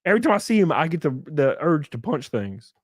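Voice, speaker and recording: A man hosting a livestream, ranting and commentating in a sarcastic, animated way. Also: fairly high pitch, brisk, breathy edge, dry recording, clean studio sound. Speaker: livestream host.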